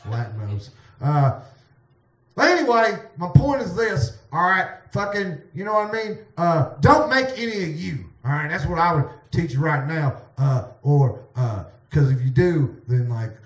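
A man's voice: on the high side, very animated, measured pace, roomy sound, far from the mic. A drunk man rambling through a profane comic bedtime speech with loose asides. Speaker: comedian.

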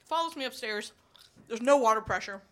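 A woman's voice: fairly high pitch, lively intonation, a little fast, a bit bright. A woman in her twenties performing a stand-up comedy set, telling blunt, profane stories, chuckling between lines and rambling with fillers when she loses her place.

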